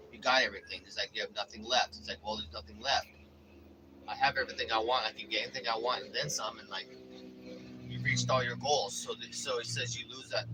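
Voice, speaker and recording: A man's voice: mid-range voice, bright, forceful tone, slight background noise, poor audio. A young man hosting a live stream, ranting casually and bluntly with constant swearing and "bro". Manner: profane, blunt, swaggering, says "bro" a lot. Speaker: livestream host. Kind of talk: casual rant to a live chat.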